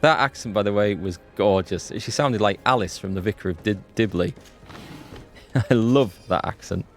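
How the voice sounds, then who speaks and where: A man hosting a live game playthrough, chatty and excitable, greeting viewers in chat. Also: lowish voice, moderate pace. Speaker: let's play host. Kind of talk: live gameplay commentary. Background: faint game music.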